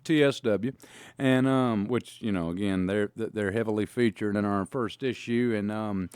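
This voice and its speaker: Man, podcast co-host, drawling storyteller with a smooth, dry, close voice. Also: on the low side, normal speed, a little mellow, no room sound. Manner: drawling, rambling with fillers and restarts. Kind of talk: casual storytelling.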